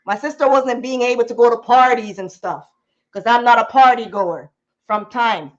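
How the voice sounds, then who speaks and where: A woman tells a personal story, venting in animated bursts and sometimes slipping into patois. Her voice sits fairly high, and the recording sounds muffled and lo-fi. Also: normal speed. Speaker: YouTuber. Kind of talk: candid storytime vlog.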